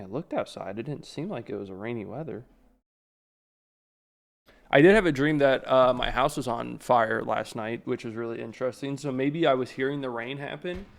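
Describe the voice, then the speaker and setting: A male streamer in loose livestream chat, his voice sitting at an ordinary mid pitch. He rambles easily and fills his sentences with "like" and restarts. The delivery stays relaxed and low-key. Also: gravelly. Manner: rambling, filler-heavy storytelling.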